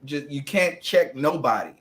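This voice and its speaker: A man's voice: on the high side, expressive, normal speed, a bit bright. A man speaking as a panelist, cutting in insistently and restarting his sentences. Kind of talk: casual panel discussion.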